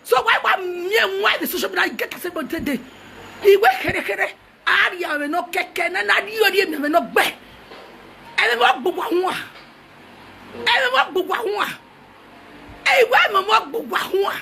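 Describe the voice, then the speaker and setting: A Nigerian woman shouts a mocking, heated rant, hopping between languages. Her voice sits very high, with a sharp, gravelly edge. She taunts as she goes. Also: brisk, long pauses, slight background noise. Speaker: social media personality.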